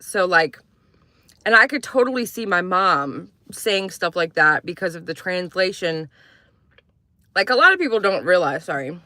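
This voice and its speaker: A woman talking loosely and at length on a livestream, her voice bright and forward with a touch of tension. She drifts from one thought to the next and stops to answer comments from viewers. The sound is close and dry, with no room echo. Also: lowish voice, lively intonation, moderate pace. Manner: rambling, chatty, reads out viewer comments. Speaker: livestream host. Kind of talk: casual livestream chat.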